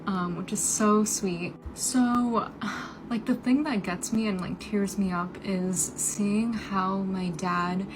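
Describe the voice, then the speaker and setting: A woman's voice: mid-range voice, fairly even intonation, slow, few pauses, noisy background. Chatty young woman. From Japan and the United States. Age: 20s. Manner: chatty, heavy use of "like" fillers. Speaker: reunion storyteller. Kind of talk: casual personal recounting.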